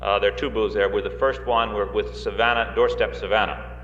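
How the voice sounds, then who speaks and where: A man's voice: lowish voice, fairly even intonation, brisk, fairly bright tone. A man speaking to a rally audience in a large hall, folksy and fond of joking asides, with frequent hesitant fillers. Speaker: guest speaker at a political rally. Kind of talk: live political speech to an audience. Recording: roomy dull 1960s reel recording of a hall.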